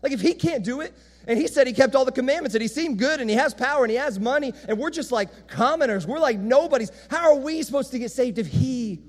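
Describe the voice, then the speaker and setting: A man's voice: very high voice, expressive, fast, long reverb tail, pitched above the performer's own voice. A man voicing a worried crowd of ordinary men asking how anyone can be saved. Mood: exasperated. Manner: pleading, exasperated.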